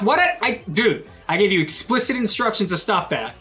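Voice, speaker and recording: A young man giving loud, excitable gameplay commentary, swearing and trash-talking his opponents. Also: sits high, normal speed, few pauses, soft background music. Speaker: gaming YouTuber.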